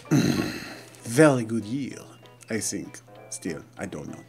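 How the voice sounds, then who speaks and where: A man voicing a pretentious young male French artist in an exaggerated fake French accent, speaking slowly and musing in a lowered voice. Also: sing-song, vocal fry, darkish tone, breathy edge, faint music behind, exaggerated voice.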